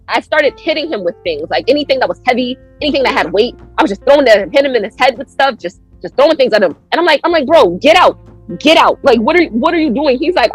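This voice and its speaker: A woman guest on a podcast telling a story in casual chat, acting out quoted lines with big jumps in her voice. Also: poor audio. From United States. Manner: animated, acts out quotes with big pitch jumps.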